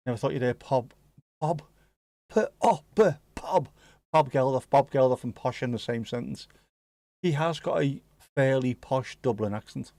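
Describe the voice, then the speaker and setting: A man's voice: mid-range voice, dark tone, no room sound. Chatty man hosting a casual livestream. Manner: chatty, musing aloud, answering viewers. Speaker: livestream host.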